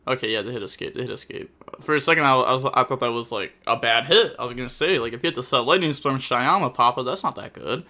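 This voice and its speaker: Bright-voiced young man calling a card game. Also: mid-range voice. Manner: fast, exasperated, bursts into loud outbursts. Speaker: host commentating a card game replay. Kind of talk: gameplay commentary.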